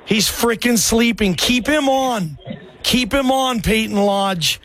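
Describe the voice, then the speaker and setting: A man hosting a sports talk radio show, energetic and chummy, full of slang as he takes calls. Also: very high-pitched, takes it slowly. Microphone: studio microphone.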